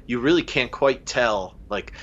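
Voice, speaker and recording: A man co-hosts a podcast in relaxed, casual chat. He is joking and supportive, dropping quick asides and short replies. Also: mid-range voice, muffled recording. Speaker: podcast co-host.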